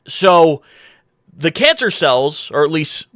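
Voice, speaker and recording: A man's voice: on the high side, big pitch swings, takes it slowly, a bit bright, no room sound, clean studio sound. A man in his twenties from the United States, rambling casually on a live stream, correcting himself as he goes and reading chat aloud. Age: 20s.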